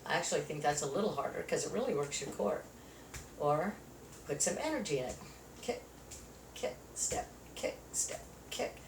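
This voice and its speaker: A woman with a low, expressive voice leads a chair yoga class at a brisk clip, counting out moves and offering encouraging cues while slightly out of breath. The recording has a roomy echo, a distant mic, and faint noise.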